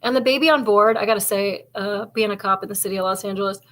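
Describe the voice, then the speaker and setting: Bright, chatty woman telling cop stories. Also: medium pitch, quick pace. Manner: chatty storytelling, heavy with "like", casual swearing. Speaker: podcast co-host and police officer. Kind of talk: casual chat.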